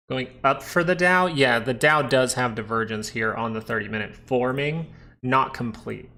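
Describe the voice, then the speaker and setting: A man's voice: medium pitch, pushed and bright. A man hosting a live stock market stream, chatting casually and joking with viewers between comments on the charts.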